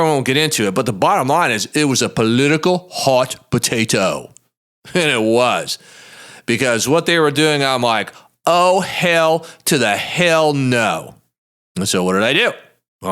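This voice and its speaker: A man's voice: mid-range voice, sing-song, brisk, fairly bright tone. A man, a lawyer hosting his own show, telling a story in a blunt, folksy, emphatic way in a monologue podcast. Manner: plain-spoken and blunt.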